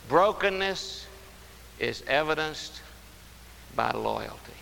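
Animated and forceful, this preacher speaks at medium pitch with a bright tone. He stresses words by stretching them and circles back to repeat phrases, all in a reverberant hall with a faint hiss.

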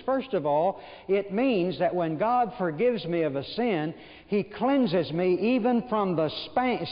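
A man preaching a sermon in a folksy storytelling way, asking his listeners rhetorical questions and joking gently. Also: fairly high pitch. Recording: dull recording with long hall reverb.

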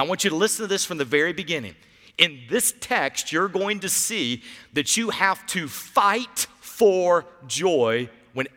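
A male pastor preaching a sermon with dramatic pauses, swinging between loud emphatic lines and quiet low asides, asking the congregation to repeat after him. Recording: long hall reverb.

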